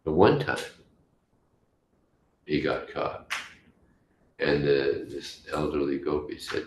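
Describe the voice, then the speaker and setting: A man teaching a scripture class, telling stories in a halting way with restarts. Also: very deep voice, steady tone, vocal fry. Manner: halting, with restarts and story voices. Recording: echoey room, faint hiss.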